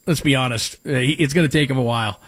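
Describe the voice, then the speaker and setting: Male sports talk host, light voice, mid pitch, rambling and jokey, dry close sound. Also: fast talker, a bit bright, breathy edge, no room sound. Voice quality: light, higher voice. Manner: rambling, jokey, reads listener texts.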